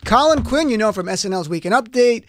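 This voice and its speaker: A male radio host with a high, bright voice, talking casually with a guest in the studio. He tells stories with animated energy and laughs often. The sound is dry and close, with no room echo. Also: quick pace. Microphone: studio microphone.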